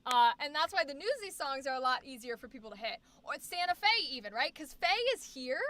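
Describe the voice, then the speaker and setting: High, bright-voiced woman streamer chatting. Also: lively intonation, brisk. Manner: explains singing technique chattily, demonstrating vowel sounds; many fillers and restarts, reads chat aloud. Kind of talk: casual livestream chat.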